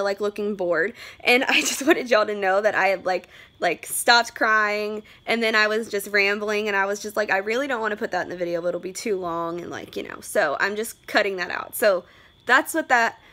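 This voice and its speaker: A woman's voice: mid-range voice, fairly bright tone. A young woman, vlogging casually from her room and rambling with lots of "like.". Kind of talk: casual vlog chat.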